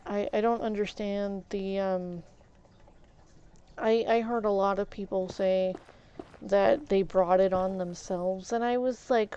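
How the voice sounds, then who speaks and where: A woman's voice: mid-range voice, fairly even intonation, slow pace, mellow, clear, resonant tone, dull audio. A woman livestreamer chatting casually while gaming, indignant and heated, often stumbling over repeated words.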